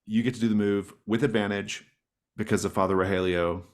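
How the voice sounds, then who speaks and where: A man acting as game master, narrating a tabletop game in a calm, measured way. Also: on the low side.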